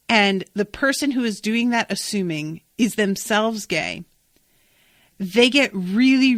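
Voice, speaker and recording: A woman's voice: medium pitch, no room sound, clean studio sound. A woman hosting a podcast, recapping an episode in casual, enthusiastic, emphatic chat with some swearing. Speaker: podcast host.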